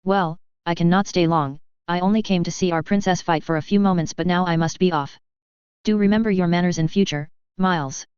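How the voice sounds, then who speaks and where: A woman's voice: fairly low pitch, a little fast, darkish tone, clear, resonant tone, no echo, natural voice. A woman reading a patronizing scheming noblewoman. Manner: patronizing, smirking. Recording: dull lo-fi dry recording.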